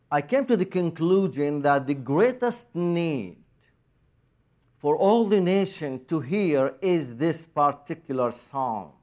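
A man preaching a sermon in a slow, halting way with many pauses and fillers, his phrasing a little non-native. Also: on the high side.

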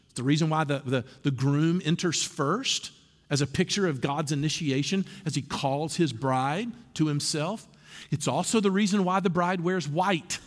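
A male preacher delivers a sermon in a church, his voice pitched a bit high and swinging widely as he tells stories and cracks asides. A long hall reverb trails every line. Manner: animated storytelling with humor and asides. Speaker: pastor. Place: church sanctuary.

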